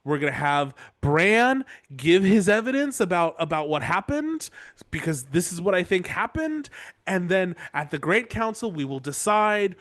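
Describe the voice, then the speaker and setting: A man's voice: high-pitched, sing-song, normal speed, a bit bright, no room sound. A man voicing a blunt, exasperated noblewoman mother, talking in a sarcastic, profane way. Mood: pleading.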